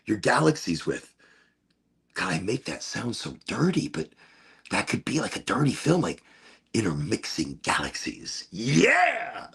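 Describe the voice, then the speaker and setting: A man hosting his own podcast, rambling in a relaxed, playful and self-amused way. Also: mid-range voice, creaky, slightly rough. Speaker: podcast host. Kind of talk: casual stoned monologue.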